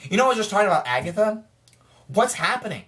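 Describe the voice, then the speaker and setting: An excitable reviewer talks through a film in a loose, casual vlog style. Sentences often stall and restart with stammered repeats. The voice sits at an ordinary middle pitch and keeps piling up frustrated questions. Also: quick pace. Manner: frustrated, rhetorical, asks itself questions.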